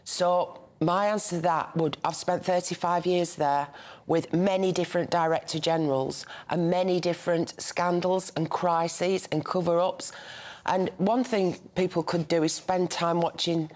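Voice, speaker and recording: A woman's voice: lowish voice, steady tone, unhurried, a little mellow. An older woman with a Northern English accent, chatting as a newspaper review guest and telling anecdotes in a chatty way. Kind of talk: casual studio chat.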